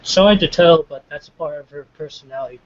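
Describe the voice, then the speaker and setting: A man's voice: fairly high pitch, quick pace. A man in a casual online group discussion who talks loosely and fills his speech with "like". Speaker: hangout participant. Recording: dull lo-fi call audio with faint background noise.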